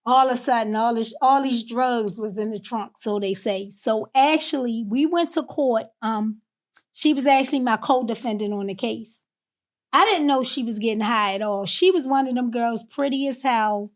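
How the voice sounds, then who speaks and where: A woman from Baltimore, a podcast guest, telling a personal story candidly and emotionally, often drifting softer on painful moments. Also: fairly high pitch, moderate pace. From Baltimore, USA.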